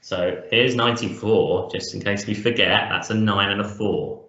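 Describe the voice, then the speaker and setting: A man's voice: on the low side, normal speed, sharp tone. A man co-hosting a podcast, chatting casually and jokily about music and laughing easily. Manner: jokey, enthusiastic, laughs easily. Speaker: podcast co-host. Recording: echoey, dull lo-fi room.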